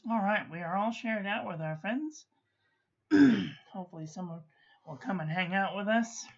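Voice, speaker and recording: A chatty woman hosts a casual live stream about pens and ink, talking straight to her viewers. She keeps clearing her throat, and now and then her voice drops to a mutter. Her mid-pitched voice comes through a slightly dull, lo-fi desk mic. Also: lively intonation, moderate pace. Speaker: host of a live-streamed ink review show.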